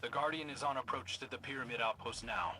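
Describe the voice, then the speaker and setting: A man's voice: mid-range voice, fast, sharp tone, slight background noise, natural voice, rough recording. An actor playing a terse male military officer giving reports, in video game dialogue. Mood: wary. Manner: clipped, reporting.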